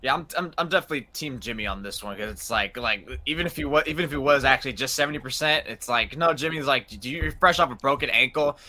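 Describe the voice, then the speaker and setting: A man's voice: medium pitch, sharp tone. A young man co-hosting a casual sports talk show, talking loosely with lots of fillers. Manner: rapid, casual, many fillers. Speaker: podcast co-host.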